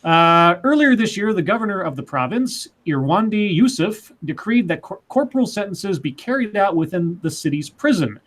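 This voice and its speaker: A man's voice: high voice, sing-song, moderate pace, hardly any pauses, a bit bright. A man co-hosting a livestream, reading news articles and adding dry, sarcastic asides. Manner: dry, sarcastic asides between read passages. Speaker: news segment co-host.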